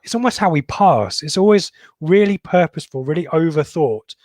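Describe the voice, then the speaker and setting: A middle-aged man co-hosting a football podcast, reading out viewers' comments in a halting, casual way with many pauses and ums. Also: fairly high pitch, expressive, a little mellow, dry recording. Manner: halting, lots of ums and restarts. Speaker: podcast co-host.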